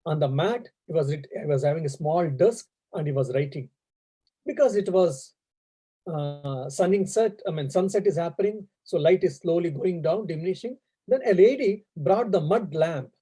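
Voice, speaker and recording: A man's voice: fairly high pitch, animated, normal speed, warm tone, husky, poor audio. A man, a monk, giving a spiritual lecture that mixes teaching with stories, speaking in an earnest, explanatory way with frequent fillers. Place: embassy lecture event.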